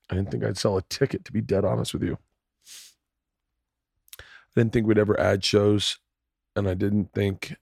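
Man, podcast host, low voice, earnest, rambling, dry close mic. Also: gravelly, darkish tone, dry recording. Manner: earnest, rambling, repeats himself. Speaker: podcast host and touring comedian. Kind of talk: casual podcast chat.

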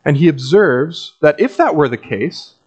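Wry conversational pastor, slightly high voice. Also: male voice, animated, measured pace, a little mellow, breathy edge, dull audio. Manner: conversational and wry, with dry asides. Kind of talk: sermon.

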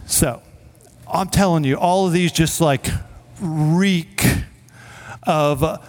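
High-voiced man preaching in a hall. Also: darkish tone. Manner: casual, joking, quick asides. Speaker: pastor. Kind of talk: sermon. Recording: long reverb of a hall.

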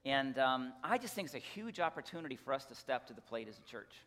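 Chatty pastor in a reverberant sanctuary. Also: male voice, mid-range voice, big pitch swings, fast talker, fairly bright tone. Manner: conversational, folksy, with restarts and asides. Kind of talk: church announcement and prayer. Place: church sanctuary. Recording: long reverb of a church sanctuary.

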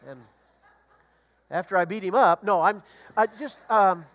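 A middle-aged or older man preaching a sermon as a guest preacher, animated and storytelling, rising to loud emphasis. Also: sits high, moderate pace.

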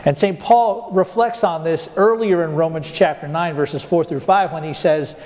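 A male pastor preaching a sermon, putting rhetorical questions to the congregation and slowing down to stress key points. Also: on the high side, a little mellow, big-room sound. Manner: asks the congregation rhetorical questions, slows down for emphasis.

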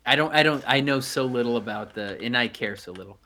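A man's voice: mid-range voice, fairly quick, bright, forceful tone. A middle-aged man chats on a podcast with a voice in the middle range. He rambles and loses his thread, filling gaps with ums and uhs and restarting his sentences. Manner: rambling, many fillers and restarts. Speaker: podcast co-host. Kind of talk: casual chat.

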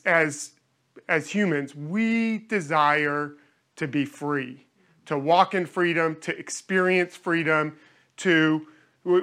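A male preacher delivers a sermon with a high, bright voice. He speaks earnestly and often doubles back on his words as he works out each thought. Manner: earnest, repeats words while searching for phrasing. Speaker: pastor.

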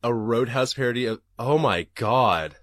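A man's voice: mid-range voice, normal speed, fairly bright tone, no room sound, studio quality. A man hosting a podcast and reading live chat, talking casually and profanely and laughing often.

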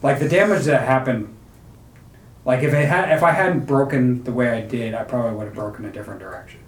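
A man's voice: medium pitch, fast, recorded from a distance. A man on a podcast, thinking aloud in a casual group conversation. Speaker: podcast co-host. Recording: echoey room, away from the mic.

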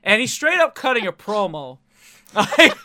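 A young man with a high, bright, clear voice, recorded close and dry. He chats loosely about a film, laughing a lot and cursing freely as he retells scenes. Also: sing-song, measured pace. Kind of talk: casual movie chat.

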